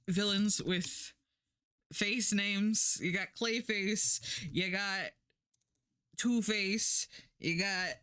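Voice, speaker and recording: A woman's voice: mid-range voice, pushed and bright, clear, resonant tone, dry recording. A woman streaming live, chatting casually and rambling while she works, laughing often and swearing now and then.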